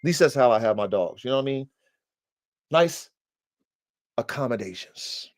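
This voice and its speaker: A man hosting a podcast about breeding dogs, telling a story in a casual, profane way and swinging into loud, high-pitched outbursts. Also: expressive, moderate pace, no room sound, studio quality. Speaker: podcast host and dog breeder.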